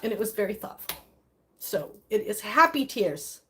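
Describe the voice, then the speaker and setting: A middle-aged woman live streaming in casual chat, reading and reacting to viewer comments, emotional and quick to laugh. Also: mid-range voice, very animated, a bit bright.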